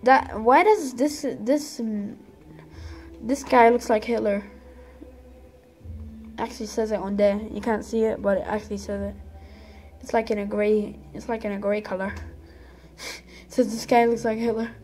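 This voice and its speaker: A woman's voice: fairly high pitch, fairly even intonation, normal speed, pauses often, a little mellow, soft background music. A woman giving casual, playful gameplay commentary with dramatic outbursts at the game. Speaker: gaming channel host.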